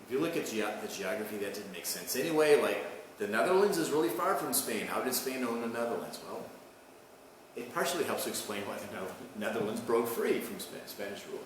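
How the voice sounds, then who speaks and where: A man with a fairly low voice gives a casual history lecture to students, often adding "okay?" and restarting his phrases. He sounds far from the mic in a very echoey room with a long reverb. A clear layer of background noise runs under his voice. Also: big pitch swings, a little fast. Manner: conversational, asks "okay?" and "right?" often, with restarts. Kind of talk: recorded college lecture.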